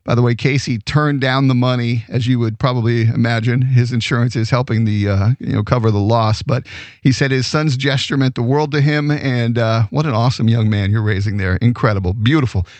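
A man hosting a radio show, telling a good news story in a lively, chatty way with fillers. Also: medium pitch, brisk, no echo. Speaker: radio host.

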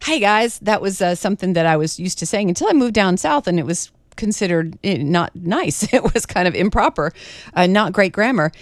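A woman's voice: fairly low pitch, animated, fairly quick, no room sound, clean studio sound. A woman from Massachusetts, giving a casual reflective radio monologue that is chatty, laughs easily, and acts out greetings. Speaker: radio segment speaker.

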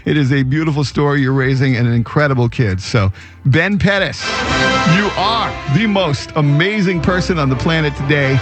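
Man, radio host, chatty storytelling, mid pitch, light music behind. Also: normal speed. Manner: warm conversational storytelling with fillers. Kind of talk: radio show chat.

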